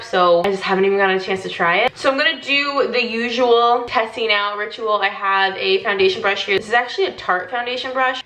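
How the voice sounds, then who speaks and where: A woman's voice: mid-range voice, pushed and bright. A young woman with a slight Southern US accent vlogging casually in her bathroom with a morning voice, chatty and full of "like" fillers. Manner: chatty, many "like" fillers, laughs often. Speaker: beauty vlogger. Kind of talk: casual chat. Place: bathroom at home. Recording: echoey bathroom.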